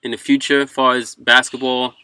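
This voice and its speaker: A man's voice: mid-range voice, little pitch movement, fairly quick, pushed and bright, smooth. A man hosting a casual podcast, asking the guest short questions. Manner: asks questions, brief backchannels. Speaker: podcast host.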